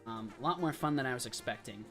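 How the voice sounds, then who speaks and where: A young man talking casually on a livestream, his voice at an ordinary middle pitch. He chats his way through quick verdicts, tossing in asides and short laughs. Soft music plays faintly behind him. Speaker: livestream host. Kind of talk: casual live-stream commentary.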